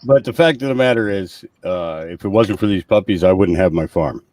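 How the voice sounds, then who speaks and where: A man who breeds dogs, talking casually in a plain-spoken, halting way. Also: deep voice, darkish tone, no room sound, recorded from a distance. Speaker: dog breeder guest. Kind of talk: casual chat.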